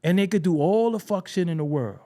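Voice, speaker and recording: A man's voice: high-pitched, animated, fairly quick, mellow. A man from Brooklyn with a Brooklyn accent, hosting a casual commentary monologue in a blunt, preachy way, swearing freely. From Brooklyn, New York. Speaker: show host.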